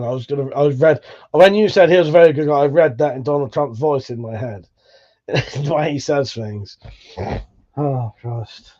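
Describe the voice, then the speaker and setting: A man's voice: mid-range voice, a little mellow, dull audio. A British man hosting a casual livestream, chatting and reading out viewer comments in a laid-back, swearing, chuckling way. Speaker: livestream host.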